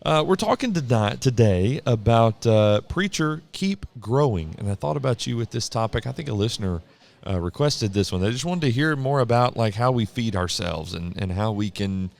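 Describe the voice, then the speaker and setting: A man's voice: medium pitch, expressive, normal speed, gravelly, a little mellow. A man hosting a podcast interview in a casual, joking way, laughing often while he chats with his guest on a convention hall floor. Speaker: podcast host.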